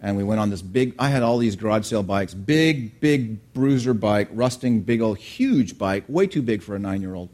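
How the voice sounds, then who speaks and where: A middle-aged man preaching a sermon, telling a lively childhood story and asking the congregation questions along the way. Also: fairly low pitch, moderate pace, few pauses. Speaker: pastor.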